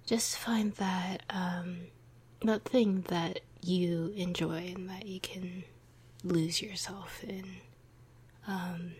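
A woman whispering a slow morning ramble, her voice airy and breathy throughout. She speaks in a low, even tone with little rise or fall, drifting along with frequent ums in her just-woken voice. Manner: soft unvoiced whisper, rambling with many ums. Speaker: vlogger.

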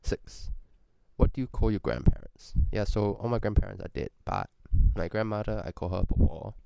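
A man talks in a put-on Singaporean English accent, his voice gravelly with fry. He runs through prompts in casual, playful chat with plenty of swearing and joking asides, his pitch jumping around animatedly. The sound is close and dry. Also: big pitch swings, moderate pace, mellow, dry recording. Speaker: vlogger doing an accent tag.

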